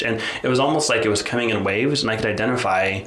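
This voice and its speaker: A man's voice: on the low side, quick pace, few pauses, fairly bright tone. A man co-hosting a podcast, telling a personal story in casual, candid chat full of restarts and "like". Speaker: podcast co-host. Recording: roomy echo, faint noise.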